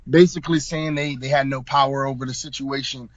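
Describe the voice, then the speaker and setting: A man in his twenties from South Florida, a hip hop artist guest telling a story in a slangy, emphatic, animated way. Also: medium pitch, fairly quick, dull audio. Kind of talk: casual storytelling.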